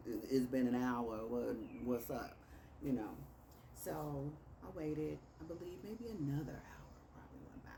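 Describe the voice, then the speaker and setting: A woman from Chicago with a Chicago accent, casually telling a dating story and acting out both sides of the texts. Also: deep voice. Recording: distant mic with clear background noise.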